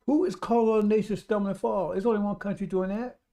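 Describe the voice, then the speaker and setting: A man delivers a live-streamed radio sermon, speaking to his listeners as brothers and sisters. His voice sits a touch high but stays dark and warm. He hammers each point over and over in an emphatic, insistent preaching manner. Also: fairly even intonation, fast talker.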